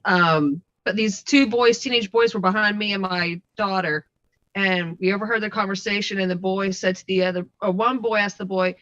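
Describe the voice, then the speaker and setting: A woman in a casual group voice chat, telling a story in a relaxed way and hitting blunt punchlines. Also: medium pitch, moderate pace, no room sound. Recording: dull lo-fi mic.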